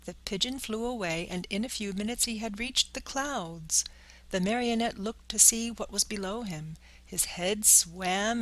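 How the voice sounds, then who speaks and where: A woman reading a children's classic aloud as audiobook narration, in a slow, deliberate manner. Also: medium pitch, a bit bright, rough recording. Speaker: audiobook reader.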